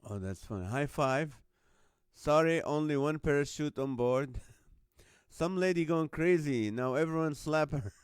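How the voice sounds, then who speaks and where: A man's voice: fairly high pitch, lively intonation, a little slow, smooth, dry recording, clean studio sound. A man hosting a live stream, reading out viewers' jokes and laughing often between lines. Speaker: host.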